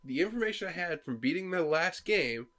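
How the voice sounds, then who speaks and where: Animated man retelling game scenes. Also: fairly high pitch, brisk. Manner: animated storyteller, acting out game characters' lines. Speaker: podcast co-host. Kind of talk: casual chat about video games.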